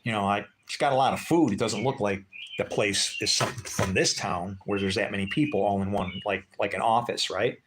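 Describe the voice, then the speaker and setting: A man's voice: fairly low pitch, a little fast, background noise. A man telling a rambling personal story on his vlog, chatty and loose, full of asides that check in with the listener. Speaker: vlogger.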